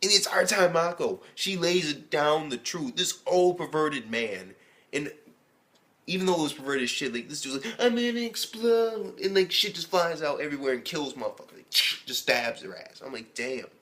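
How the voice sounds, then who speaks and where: A man giving a casual, rambling recap of an anime episode as a reviewer, excitable and swearing heavily. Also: fairly high pitch, moderate pace. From United States.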